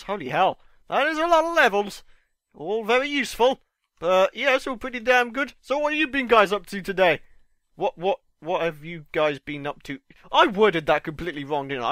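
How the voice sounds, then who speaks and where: A young man with a slightly stuffed-up voice, chatting excitably and swearing mildly as he comments on his own gameplay. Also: sits high, no echo, studio quality. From United Kingdom. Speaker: gaming channel host.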